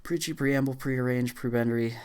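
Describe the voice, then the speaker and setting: A man reading a long list of words aloud as fast as he can, stumbling now and then with fillers and restarts. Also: mid-range voice, fairly even intonation, darkish tone, clean tone. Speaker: YouTuber. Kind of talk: rapid word-list reading.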